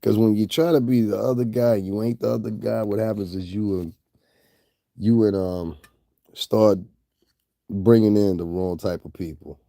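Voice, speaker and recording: A man lectures a rival in loose, laid-back talk. His voice is low and gravelly with a warm, mellow tone, recorded dry and close. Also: fairly even intonation, moderate pace, dry recording. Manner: laid-back, talks straight to a rival, laughs often. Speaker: YouTube commentator. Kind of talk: casual direct-address commentary.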